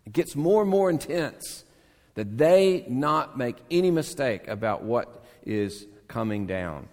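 A male pastor preaches slowly in a church sanctuary, his pitch rising and falling with lively emphasis. He moves between urgent, emphatic calls and soft, hushed lines, and a long reverb hangs behind his words. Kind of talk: sermon.

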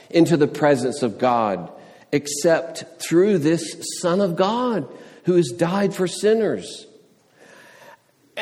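A man's voice: high voice, darkish tone, long reverb tail. A man preaching a sermon, earnest, pressing his points with rising questions and everyday illustrations. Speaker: pastor.

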